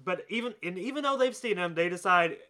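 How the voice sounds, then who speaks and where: A man co-hosting a casual movie podcast, telling the story with animated laughter. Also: high voice, a little fast. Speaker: podcast co-host.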